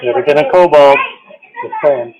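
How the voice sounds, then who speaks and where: A man playing a tabletop game, tossing in quick wry asides. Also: fairly high pitch, a little mellow. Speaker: player. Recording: dull lo-fi mic.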